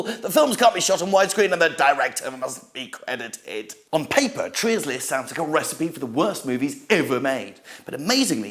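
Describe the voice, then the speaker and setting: Theatrical man reviewing. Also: on the high side. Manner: theatrical, mock-grand delivery. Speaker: host and reviewer. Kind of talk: comic film and snack review.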